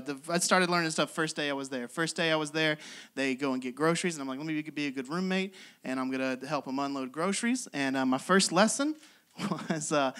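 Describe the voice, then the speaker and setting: On a comedy club stage before a live audience, a man in his twenties from West Virginia tells self-deprecating stories, laughing in asides between lines. His voice is on the high side with a fairly bright tone.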